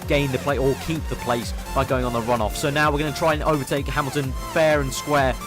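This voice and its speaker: A young man giving eager play-by-play commentary over his own racing game, getting excitable when he overtakes. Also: medium pitch, fast talker, over music. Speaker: gaming commentator.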